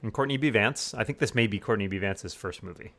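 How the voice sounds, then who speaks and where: A man's voice: lowish voice, quick pace, fairly bright tone, no room sound. A man hosting a casual movie commentary podcast, wry and joking, on a close mic. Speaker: podcast host.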